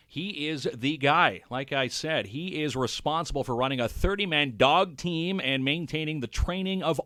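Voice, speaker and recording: A man's voice: a little high, pushed and bright, clean tone, dry recording. A man co-hosting a podcast, chatting good-humoredly with frequent restarts. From Northern Ontario, Canada. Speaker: podcast co-host. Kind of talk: casual chat.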